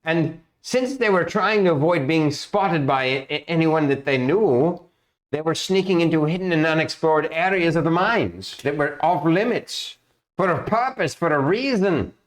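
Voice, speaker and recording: Guy doing a worried guild boss, stammery, rambles on and on, pitched up a little. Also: expressive, a little slow. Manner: stammering, fretful, long-winded.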